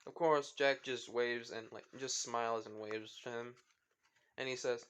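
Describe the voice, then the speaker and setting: A man's voice: mid-range voice, steady tone, normal speed, a bit bright, clear, resonant tone. A man casually telling a fan-fiction story, rambling with many fillers and restarts.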